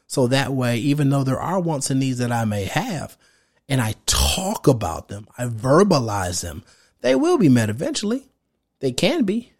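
A man in his thirties hosting a podcast, giving casual, direct advice in a slangy, animated way and acting out what other men might think. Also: mid-range voice. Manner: animated, slangy and direct, acts out quoted thoughts. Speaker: podcast host.

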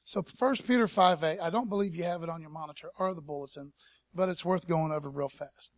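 A pastor preaching a casual sermon at a church service, in a laid-back, slangy way and calling on the congregation to respond. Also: male voice, on the high side, fairly quick, no room sound. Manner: laid-back slangy preaching, peppered with "man" and "you know what I mean"; calls for audience response.

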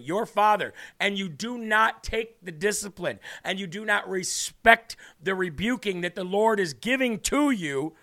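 A man's voice: sits high, pushed and bright. A man with a Midwestern American accent, hosting a faith show and explaining Bible verses in an earnest, conversational way. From Illinois. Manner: earnest, conversational, reads scripture then explains it. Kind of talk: Bible teaching with casual commentary.

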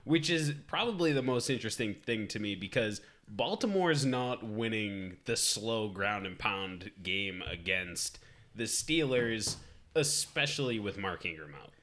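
A man co-hosting a casual fantasy football chat, brisk and matter-of-fact. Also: fairly low pitch, expressive, a bit bright. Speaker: podcast co-host.

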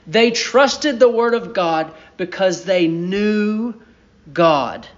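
A man with a fairly high voice preaches slowly and deliberately, letting his words land one by one. He builds to emphatic peaks on his key points. The recording sounds dull and lo-fi. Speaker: pastor. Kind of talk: sermon.

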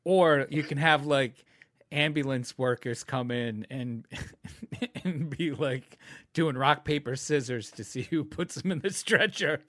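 A man's voice: mid-range voice, a little slow, a bit bright, dry recording, studio quality. A man riffing on absurd comic ideas in casual chat.

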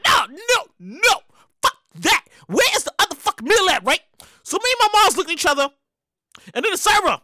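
High, bright-voiced woman ranting loudly. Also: dry recording, clean studio sound. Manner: profane, animated, bursts into shouting. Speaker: show host. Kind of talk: comedic storytelling rant.

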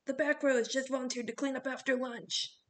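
A woman voicing a gruff, bossy male coach who barks orders at teenagers in a storybook reading. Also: mid-range voice, brisk, fairly bright tone, natural voice. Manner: barking, bossy.

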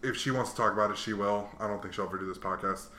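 A man's voice: lowish voice, very fast, echoey room, a crowd in the background. A man hosting a podcast, chatting casually and acting out the people in his stories. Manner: animated storyteller, acts out quoted voices. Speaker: podcast host. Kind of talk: casual chat.

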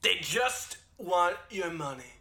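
A man's voice: high voice, very animated, takes it slowly, sharp tone, exaggerated voice. A man doing a brash, bragging impression of an older male politician. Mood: boastful.

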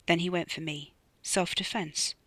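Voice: medium pitch, steady tone, unhurried, sharp tone, no room sound. A narrator voicing Freddy, a panicking young man who lies to cover up a killing, in an audiobook reading. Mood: desperate. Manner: desperate, hissing, pleading.

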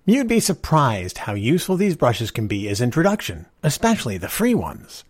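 A man's voice: mid-range voice, wildly swooping pitch, normal speed, breathy edge, dry recording, pitched above the performer's own voice. A man voicing a stout, kindly older male stranger who speaks easily and persuasively. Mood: patient coaxing. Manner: easy, gently persuasive, gleeful bursts.

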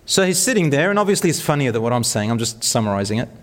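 A man's voice: medium pitch, big pitch swings, rapid-fire. Earnest male speaker in an echoing hall. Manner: earnest, encouraging, storytelling. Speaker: speaker at a talk. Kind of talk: religious talk with Q&A.

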